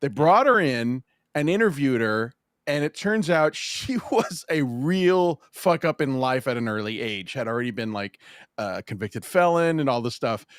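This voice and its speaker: A man hosting a podcast, telling a story in an animated, swearing, laughing style of casual chat. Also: medium pitch, normal speed, smooth, dry recording, studio quality. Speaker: podcast host.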